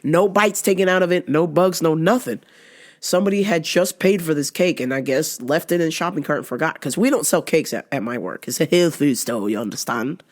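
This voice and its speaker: A woman vlogger ranting through a workplace story, profane and animated, hoarse from a cold. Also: low voice, brisk. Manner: profane, animated, laughing often. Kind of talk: casual storytelling rant.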